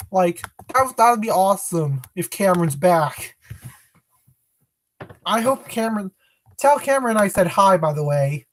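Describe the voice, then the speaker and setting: A woman hosting a casual live stream, rambling, restarting her sentences, and greeting viewers as they arrive. Her pitch sits at a middling level for a woman. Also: lively intonation, takes it slowly, long pauses. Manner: rambling, self-correcting, greets viewers by name.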